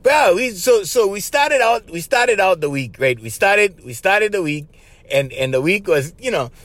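Animated Hawaiian Pidgin man, lively pitch. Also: normal speed, no room sound. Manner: animated, laughs often, says bro constantly. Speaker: podcast host. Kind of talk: casual storytelling monologue.

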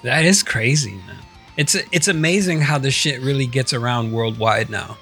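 A man's voice: mid-range voice, normal speed, pushed and bright, faint music behind. A man co-hosting a podcast in easygoing casual chat, with lots of fillers. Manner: easygoing, laughs along, fillers. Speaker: podcast co-host.

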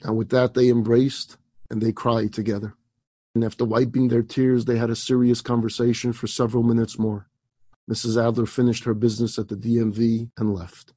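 A man's voice: mid-range voice, little pitch movement, brisk, mellow, husky, dry recording. A man, a rabbi, telling an inspirational story dramatically, with emphatic asides and rhetorical questions.

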